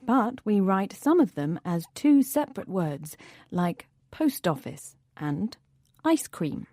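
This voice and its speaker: A woman co-hosting a scripted English vocabulary lesson, explaining in a friendly, clearly articulated way. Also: medium pitch, very animated, slow, dark tone, no echo, clean studio sound. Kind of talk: scripted teaching dialogue.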